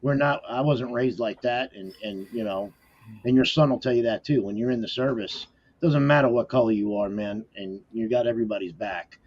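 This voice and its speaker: Husky guy co-hosting, voice swoops a lot, lo-fi muffled mic. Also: mid-range voice, a little fast. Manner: animated, exasperated reactions. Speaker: podcast host. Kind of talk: casual podcast chat. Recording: dull lo-fi mic.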